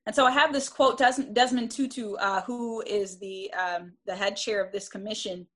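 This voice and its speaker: A woman's voice: medium pitch, steady tone, normal speed, fairly bright tone. A woman giving a classroom lecture in an earnest, emphatic way, often restarting and checking in with "right?".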